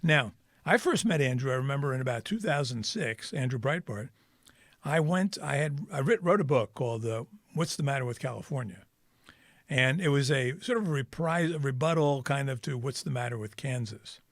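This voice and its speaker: A man of middle pitch co-hosting a podcast, talking in a loose, joking way and drifting into wry stories. His voice is dry and close, with no room sound around it. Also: animated, moderate pace, no room sound. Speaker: podcast co-host. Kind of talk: casual conversational podcast chat. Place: Kansas City.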